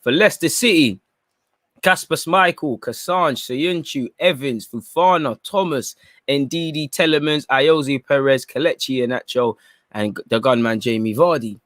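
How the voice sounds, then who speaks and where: A man's voice: medium pitch, unhurried, a bit bright, no room sound, studio quality. A young man giving chatty live commentary during a football watchalong stream and reacting to viewer comments.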